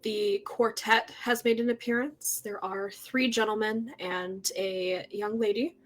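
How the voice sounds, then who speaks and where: A woman's voice: mid-range voice, steady tone, measured pace. A woman narrating a tabletop horror game as game master, setting scenes with many fillers.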